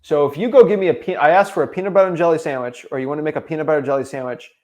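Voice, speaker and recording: Fast-talking young man giving a pep talk. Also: on the high side, a little mellow. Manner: fast, emphatic, repetitive motivational delivery. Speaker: real estate wholesaling coach. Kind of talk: motivational talk to camera.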